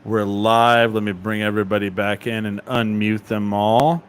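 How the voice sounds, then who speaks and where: A man's voice: on the low side, fairly even intonation, moderate pace, clear, resonant tone. A man hosting a casual live online show, joking and slipping into silly voices. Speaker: podcast host. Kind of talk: casual chat.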